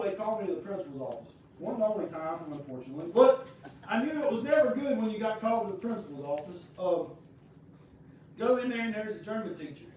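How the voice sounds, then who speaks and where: An American male pastor tells a personal story in a folksy, rambling, conversational sermon inside a church sanctuary. His voice is high-pitched with a darkish tone, picked up from a distance in a very echoey room with a bit of hiss or hum.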